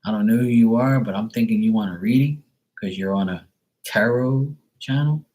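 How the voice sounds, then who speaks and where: A man's voice: fairly low pitch, normal speed, a little mellow. A man who reads tarot, ranting casually and bluntly on a live stream, swearing freely. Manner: profane, exasperated, blunt. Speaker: tarot reader.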